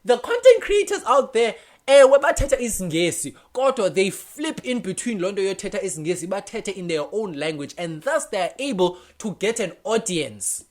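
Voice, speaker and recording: Lively young South African man, code-switching. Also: sits high, moderate pace. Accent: South African, Xhosa. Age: young adult. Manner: animated, switching languages mid-sentence, laughing often. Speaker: vlogger. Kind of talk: casual opinion monologue.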